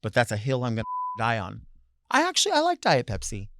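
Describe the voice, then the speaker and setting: A man's voice: wildly swooping pitch, fairly quick. Sassy, theatrical male talk host. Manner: sassy, theatrical, swings between loud bursts and low asides. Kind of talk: solo comedic monologue.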